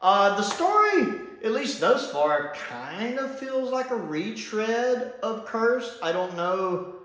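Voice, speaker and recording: Lively, animated male reviewer. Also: sits high, slow pace, slight background noise. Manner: enthusiastic, laughs often. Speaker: TV show reviewer. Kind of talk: casual solo review vlog. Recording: very echoey room.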